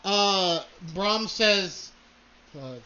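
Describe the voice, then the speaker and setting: A man's voice: high voice, extremely slow, pushed and bright, dull audio. A man narrating a tabletop game as game master, loose and hesitant, with many fillers.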